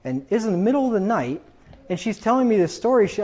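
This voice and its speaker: A man's voice: high-pitched, very animated, fast, dark tone, slightly rough. A man casually telling rambling family anecdotes, chuckling as he goes. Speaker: storyteller. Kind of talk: casual personal storytelling. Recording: dull lo-fi recording.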